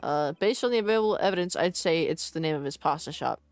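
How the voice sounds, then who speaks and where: Brief: woman playing a dry young lawyer, gravelly, lowered voice, video game. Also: expressive, quick pace, no room sound, faint music behind. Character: young adult male defense lawyer, dry and skeptical.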